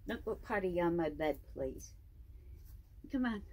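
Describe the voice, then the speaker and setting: A woman in her seventies at home, talking to her pet snake in a high, sing-song baby-talk voice and laughing often. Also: animated, unhurried, darkish tone, a little hiss or hum. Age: 70s. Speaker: snake owner. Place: indoors at home.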